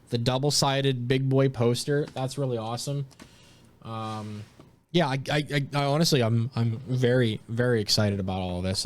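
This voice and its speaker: A young man giving casual, excited commentary while opening trading card packs as a streamer. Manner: excited, jumps high in pitch at big pulls.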